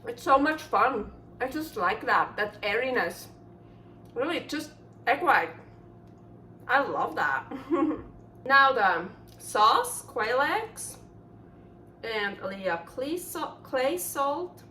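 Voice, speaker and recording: Woman, cooking vlog host, enthusiastic and chatty, higher voice, faint noise behind. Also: animated, slow, pauses often, bright, forceful tone. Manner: chatty and enthusiastic, thinking aloud.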